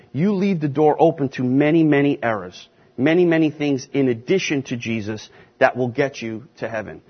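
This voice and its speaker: A man teaches scripture in an emphatic sermon style, leaning hard on key words and slowing down to hammer them home. His voice is husky and sits a little high for a man. The recording sounds dull and lo-fi. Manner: emphatic, stresses key words with slow deliberate repetition. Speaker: pastor teaching a class.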